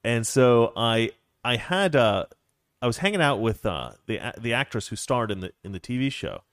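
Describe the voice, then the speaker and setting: A man's voice: medium pitch, big pitch swings, normal speed, fairly bright tone, no echo, clean studio sound. A man co-hosting a casual chat, telling long rambling stories with frequent restarts and fillers. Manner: rambling storyteller with many restarts. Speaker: co-host.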